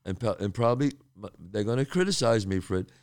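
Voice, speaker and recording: A man's voice: fairly low pitch, animated, fast talker, a little mellow. A man hosting a podcast interview, speaking in an enthusiastic, casual way with some swearing. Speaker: podcast host.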